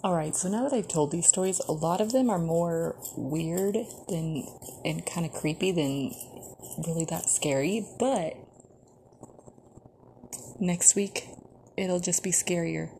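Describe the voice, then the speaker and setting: A young woman hosting a podcast, telling stories in a casual, animated way and swearing freely. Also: fairly low pitch, slow, pauses often, a little hiss or hum. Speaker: podcast host. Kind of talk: casual storytelling.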